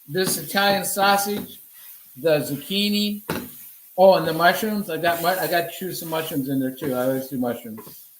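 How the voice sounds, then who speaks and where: A man's voice: fairly high pitch, fairly bright tone, a little hiss or hum. Man, cooking instructor, casual demo, echoey room, quizzes himself as he goes. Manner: talks to viewers while cooking, asks and answers his own questions. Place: home kitchen.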